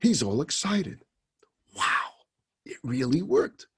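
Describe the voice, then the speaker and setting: A rabbi telling a story in a sermon, animated and dramatic. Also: male voice, fairly high pitch, slow pace, slightly rough.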